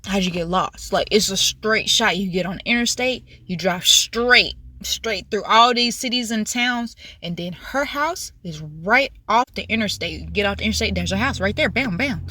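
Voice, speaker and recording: Bright-voiced woman venting on a vlog. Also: medium pitch, expressive, moderate pace, hardly any pauses. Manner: exasperated, swears freely, repeats herself while venting; slangy, laughs between lines. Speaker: vlogger. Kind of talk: casual storytime vlog.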